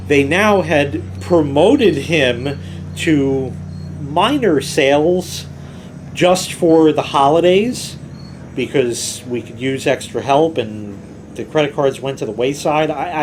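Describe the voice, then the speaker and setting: A man's voice: medium pitch, a little hiss or hum. A middle-aged man hosting his own channel, telling a workplace story in a loose, casual way and swearing freely. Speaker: host.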